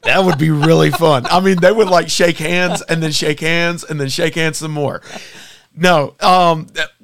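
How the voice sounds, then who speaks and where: A man's voice: on the high side, fairly even intonation, measured pace, fairly bright tone, no room sound. Wisecracking man on a dry mic. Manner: wisecracking, chiming in. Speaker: podcast co-host. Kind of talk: casual political chat.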